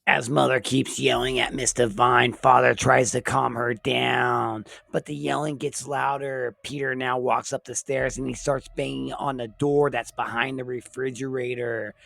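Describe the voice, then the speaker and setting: Slow gravelly male recap narrator. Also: mid-range voice, level tone, fairly bright tone, dry recording. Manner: plain step-by-step retelling. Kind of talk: film plot recap narration.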